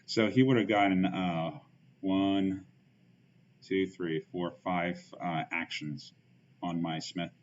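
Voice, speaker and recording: Slow and steady in tone, a man with a low voice streams a card game and talks through his thinking casually. Fillers and muttered asides run throughout, and the audio is dull, lo-fi and faintly hissy.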